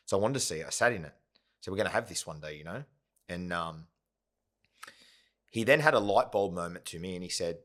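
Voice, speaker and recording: In a deep, fairly bright voice delivered quickly, a company founder shares his story during a casual podcast interview. His talk rambles, full of check-ins like "yeah?" and "right?".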